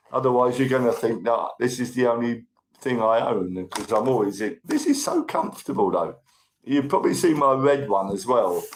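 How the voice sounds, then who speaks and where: Thanking viewers by name as he reads their comments, this man runs a casual livestream and has a tickly cough. His voice is medium-pitched, and the audio is rough.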